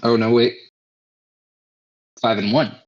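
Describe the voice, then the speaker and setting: A player in a tabletop role-playing game answers the game master in a measured, polite manner. The sound is muffled and lo-fi, and the voice sits at a middling pitch. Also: fairly even intonation.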